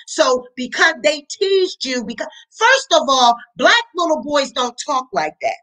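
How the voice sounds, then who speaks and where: Heated woman host, high voice, cussing through her commentary. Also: sharp tone, low-quality recording. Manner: blunt, profane, heated. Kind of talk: reaction commentary.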